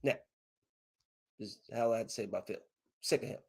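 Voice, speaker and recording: A man's voice: fairly low pitch, flat delivery, rapid-fire, darkish tone, slightly rough. A man hosting a casual solo podcast, talking animatedly, trash-talking with plenty of profanity, and reading news stories aloud with his own comments. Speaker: podcast host.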